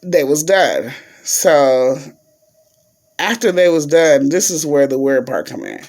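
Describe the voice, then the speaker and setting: A woman's voice: low-pitched, expressive, slow pace, a little mellow. A young woman vlogger, chatting to viewers, full of fillers and y'all. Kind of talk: casual storytelling to viewers.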